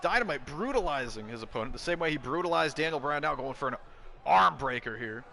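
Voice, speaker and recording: A man commentating a wrestling video game play-by-play, excitable, breaking into shouts at big moves. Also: on the high side, fast talker, creaky, a little hiss or hum.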